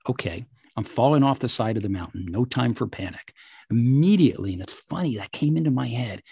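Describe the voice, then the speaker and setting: A man in an interview telling a personal story vividly, at times dropping to hushed asides. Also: mid-range voice, animated, brisk, creaky, slightly rough, no echo. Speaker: interview guest, teaches classes.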